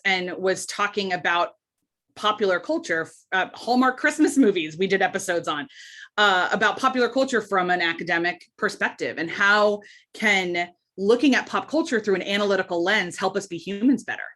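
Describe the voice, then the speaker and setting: A woman, a podcast guest talking in an animated, chatty way in a casual interview. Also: mid-range voice. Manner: animated, chatty, quick asides and laughs.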